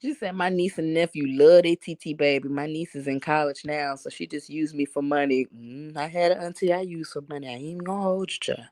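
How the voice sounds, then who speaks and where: A livestream host from Harlem reads chat comments aloud, chatting bluntly and joking and laughing often in a New York accent with some Southern drawl. Her deep, slightly mellow voice keeps a fairly even intonation and a somewhat fast pace with hardly any pauses. She's on a phone mic with no echo.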